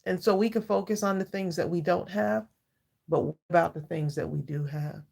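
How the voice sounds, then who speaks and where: Gravelly-voiced woman in her sixties. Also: on the low side, moderate pace, darkish tone. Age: 60s. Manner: heartfelt, chatty, reads viewers' comments aloud and greets them by name; laughs often between thoughts. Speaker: livestream craft channel host. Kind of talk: casual live-stream chat with viewers.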